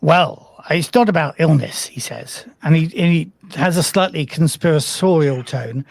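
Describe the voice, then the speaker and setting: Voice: medium pitch, normal speed, gravelly, dry recording. Hesitant game master with a dry sound. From United Kingdom. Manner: hesitant, filler-heavy, self-deprecating. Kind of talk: narrating a tabletop game.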